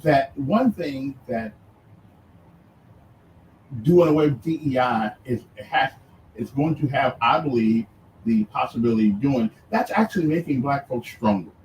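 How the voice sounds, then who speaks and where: During a radio debate, a host presses his guest in an animated, challenging way, his pitch rising and falling as he halts and repeats words. He sits back from the mic in an echoey room, so the sound is distant and muffled with faint ambient hum underneath.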